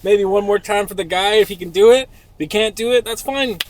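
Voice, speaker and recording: A man's voice: high-pitched, a little fast, a little hiss or hum. A man hosting a casual podcast chat, crude and joking, often laughing. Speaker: podcast host.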